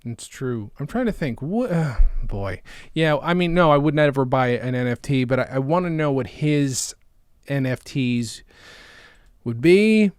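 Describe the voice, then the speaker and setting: A man's voice: a little slow, smooth, no room sound, clean studio sound. A man in his thirties co-hosting a comedy podcast, joking around in casual banter and laughing often. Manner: animated, giggly, riffs into silly high voices. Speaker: podcast co-host.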